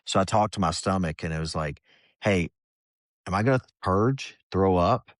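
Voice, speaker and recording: A man's voice: sits low, normal speed, no echo, clean studio sound. A middle-aged man and former Army Ranger, guest on a podcast, telling his story casually and at length, often slipping into quoted voices. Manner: relaxed, rambling, drops into quoted inner voices. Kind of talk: candid conversational storytelling.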